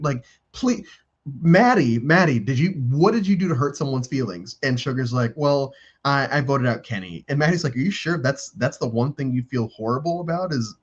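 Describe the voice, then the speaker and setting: A man hosting a live stream, chatting casually over a video call and acting out quoted lines with lively shifts of voice. His voice sits in a middle pitch. The audio is muffled and lo-fi. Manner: animated, acts out quotes of contestants. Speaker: stream host.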